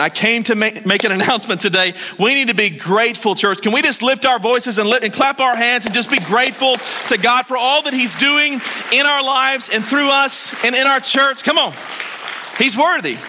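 A man preaching a sermon as pastor of a church, telling stories in a lively way and calling on the congregation to answer him. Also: sits high, slight background noise. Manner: lively storytelling, calls on the congregation to respond. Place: church hall. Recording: long hall reverb.

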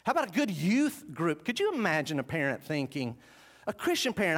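A man preaching a sermon, switching between emphatic preaching and low, contemplative asides. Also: huge pitch swings, fairly quick. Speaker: pastor.

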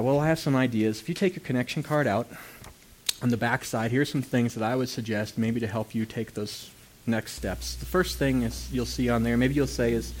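A man's voice: mid-range voice, slight background noise. A pastor preaching a sermon in a conversational way, asking rhetorical questions, laughing lightly at times, and raising his voice on emphatic points. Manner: voice rises and gets loud on emphatic points.

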